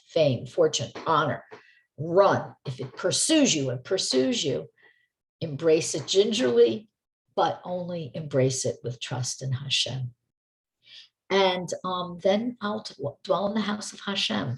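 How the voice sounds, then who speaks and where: Woman teaching a class over a video call, low voice, bit of fry, rambly and excited. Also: poor audio. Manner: discursive, enthusiastic. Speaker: Torah teacher. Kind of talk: online class.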